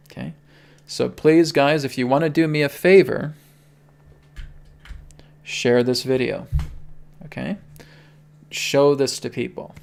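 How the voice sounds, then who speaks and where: A man's voice: medium pitch, creaky. A man hosting a spiritual livestream, teaching in an earnest, pleading way and checking in often with his listeners.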